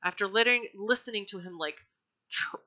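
A woman's voice: medium pitch, brisk, sharp tone. A woman hosting a true-crime podcast, telling the story in a chatty, profane way with lots of fillers and self-corrections.

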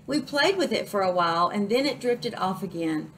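A woman's voice: mid-range voice, lively intonation, normal speed, a bit bright, a little hiss or hum, close to an everyday voice, low-quality recording. A woman voicing a group of playful glowing jellyfish who chat lightly. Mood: chatty.

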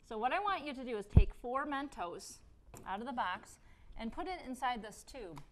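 A woman with a somewhat high voice hosts a science show. She walks a young helper through an experiment, asking question after question in a playful teacher's manner and often breaking into laughter. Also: animated, moderate pace, slight background noise. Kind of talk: hands-on science demonstration for a young assistant.

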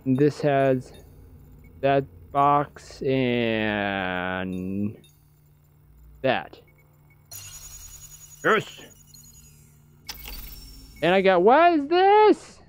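Excitable jokey male gamer narrating play, very lively pitch. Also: drawn-out words, long pauses, smooth. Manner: excitable, jokey, talks to himself. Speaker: game streamer. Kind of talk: let's play commentary.

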